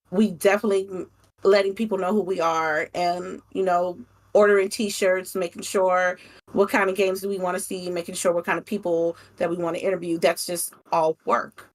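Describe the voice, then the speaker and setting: A woman guest in a casual interview chat, talking excitedly about meeting up with her gaming friends. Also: medium pitch. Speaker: podcast guest, gaming creator.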